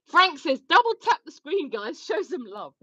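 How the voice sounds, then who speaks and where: Woman, livestream co-host; high and very animated, giggly, reads chat aloud; dry, muffled lo-fi audio. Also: normal speed, no echo.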